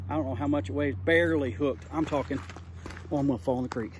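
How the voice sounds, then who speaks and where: A man vlogging his fishing outdoors by a creek, excited and rambling in a folksy way, recorded on a phone held at a distance. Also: mid-range voice, fast, background noise. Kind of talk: casual outdoor vlog talk. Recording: faint phone audio from a distance.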